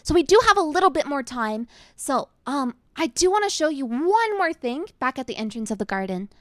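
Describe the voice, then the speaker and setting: A VTuber debuts as an elegant elf florist, chatting casually, singing, and playfully teasing her viewers while repeating words. Her high voice is very animated, slightly fast and fairly bright.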